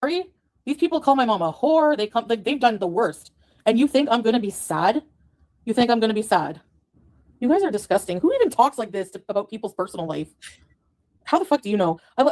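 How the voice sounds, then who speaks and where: A woman rants furiously straight at the camera, cursing and sneering at the people who attack her online. Her voice sits a little high for a woman, and the delivery stays scornful and heated throughout. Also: big pitch swings, fast, darkish tone. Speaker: vlogger in a played clip. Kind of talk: angry profane rant to the camera.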